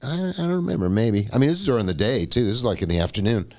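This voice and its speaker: A man's voice: fairly low pitch, very animated, very fast, darkish tone. A man co-hosting a podcast, telling a long story in a casual, profane way and laughing as he goes. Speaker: podcast co-host.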